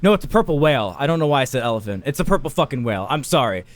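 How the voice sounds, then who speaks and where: A man's voice: medium pitch, sing-song, rapid-fire, a crowd in the background. A young man co-hosting a podcast over a voice call, telling a profane, ranting story in casual chat. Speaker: podcast co-host. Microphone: recorded on a voice call.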